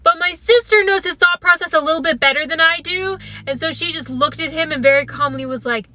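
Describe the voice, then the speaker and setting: Bright high-voiced woman telling a story. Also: brisk, hardly any pauses. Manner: wry, chatty, exaggerated. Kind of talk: comedic storytime narration.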